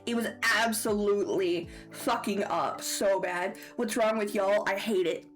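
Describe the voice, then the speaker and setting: A woman's voice: mid-range voice, steady tone, measured pace, soft background music. A woman with a Southern American accent chatting casually on a livestream, playful and giggly with squealy outbursts. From Southern United States. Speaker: streamer.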